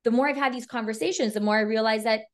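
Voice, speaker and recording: A woman's voice: a little high, fast. A woman photographer as a podcast guest, casually telling stories in a chatty way, full of "like" and "you know" and acting out what people said. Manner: chatty, filler-heavy, retells scenes with quoted dialogue. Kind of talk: casual storytelling chat.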